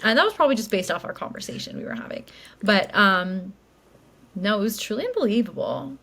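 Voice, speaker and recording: A woman's voice: mid-range voice, very animated, brisk, bright, forceful tone. A woman in her late twenties, co-hosting a podcast and telling a story in a rambling, chatty way full of likes and ums. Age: late 20s. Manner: chatty, self-described yapper, lots of likes and ums. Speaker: podcast co-host. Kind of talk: casual chat, storytelling.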